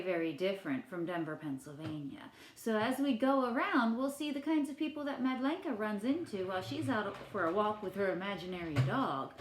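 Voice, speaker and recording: A woman's voice: medium pitch, a little hiss or hum. Woman, teacher, children's read-aloud, playful questions, roomy echo, faint clicks. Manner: gentle, questioning, playful voices for characters.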